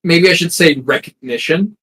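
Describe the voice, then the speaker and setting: A man's voice: fairly high pitch, moderate pace, a bit bright, poor audio. A man narrating a tabletop game as game master, hesitant and full of ums and restarts.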